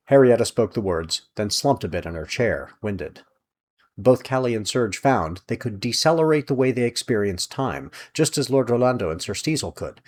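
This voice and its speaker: A man reading aloud from his own serial novel with lively, expressive narration. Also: on the low side, normal speed. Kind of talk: storytelling narration.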